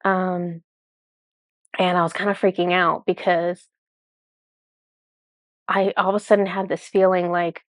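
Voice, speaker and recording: A woman's voice: fairly low pitch, level tone, unhurried, long pauses, no room sound, studio quality. Chatty woman telling a spiritual story. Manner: chatty and rambling, full of "like" and self-corrections. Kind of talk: casual storytelling to viewers.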